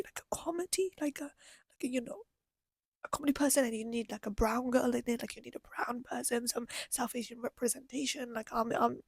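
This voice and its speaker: Gushing woman with vocal fry. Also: fairly high pitch, darkish tone, no room sound. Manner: emotional, rambling, full of fillers. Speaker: vlogger. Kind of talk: casual movie-review rant.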